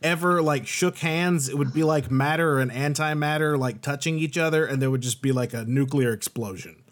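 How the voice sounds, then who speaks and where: A man's voice: a little high, normal speed. An American man co-hosting a podcast, chatting casually with emphatic opinions. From United States. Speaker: podcast co-host.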